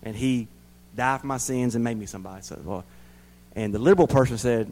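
A man preaching a sermon in a folksy way, repeating words for emphasis and swinging between loud emphatic bursts and quiet asides. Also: mid-range voice, a little fast, poor audio.

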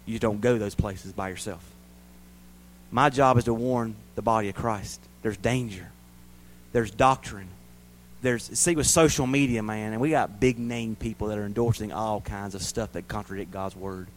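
A man preaching a sermon as a pastor to his church, rising loud and high, then dropping quiet and low. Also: normal speed, slight background noise, poor audio.

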